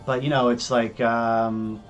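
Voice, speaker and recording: A man's voice: mid-range voice, level tone, slow pace, soft background music. A young American man co-hosting a casual live stream, who rambles, restarts his sentences and swears freely. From United States. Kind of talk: casual chat.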